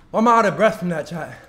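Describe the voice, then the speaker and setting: A young man reacting live to a video, excitable and out of breath, talking straight to his chat. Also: sits high, echoey room. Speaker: livestream reactor.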